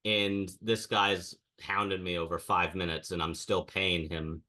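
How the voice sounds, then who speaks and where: Low-voiced guy co-hosting a chat show, forceful bright tone, ranting storyteller who acts out quotes. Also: flat delivery, a little slow. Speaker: podcast co-host. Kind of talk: casual chat.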